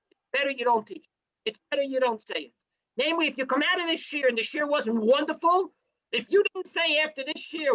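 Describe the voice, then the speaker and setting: A man teaching a Torah class, animated, with sarcastic asides and Hebrew terms mixed in. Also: very high voice, highs cut off. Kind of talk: lecture to a class.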